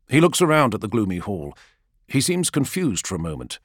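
A man narrating an audiobook in a measured, dramatic storytelling manner. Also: fairly low pitch, wildly swooping pitch, breathy edge, dry recording, studio quality.

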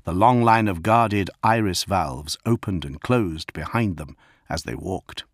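A man reading an audiobook as narrator, steady and measured. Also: sits low, no echo, studio quality.

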